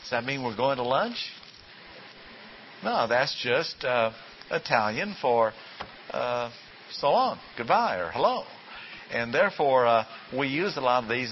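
A man's voice: medium pitch, a bit bright. Folksy guy teaching bible class, keeps asking the room questions, faint hiss on a dull old tape. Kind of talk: classroom lecture.

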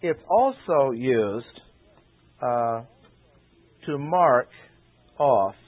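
A man preaching, giving a deliberate expository Bible lesson and repeating key phrases for emphasis. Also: mid-range voice, animated. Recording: tinny phone-like old radio recording.

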